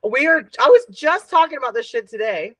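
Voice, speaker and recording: A woman in her thirties hosting a podcast and chatting casually as a dog groomer, telling stories in a profane, animated way. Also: high voice, brisk, no echo. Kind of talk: casual chat.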